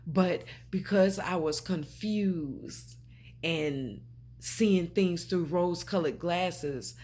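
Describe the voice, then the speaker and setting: A spiritual vlogger draws out her words in a lowish, slightly mellow voice while speaking straight to her audience. Preachy and emphatic, she goes over her points again and addresses people as babe and honey.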